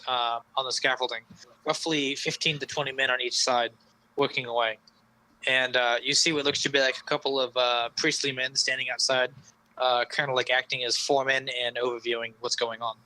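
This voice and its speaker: A man's voice: mid-range voice, steady tone, moderate pace, sharp tone, rough recording. A young man narrating a tabletop game as game master, rambling with fillers and restarts.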